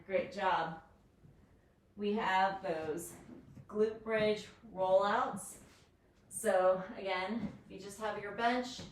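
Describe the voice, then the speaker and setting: A woman fitness coach talks slowly in a medium-pitched voice while guiding a workout, counting down reps in an upbeat, encouraging way. She's recorded in an echoey room with a distant mic and faint noise.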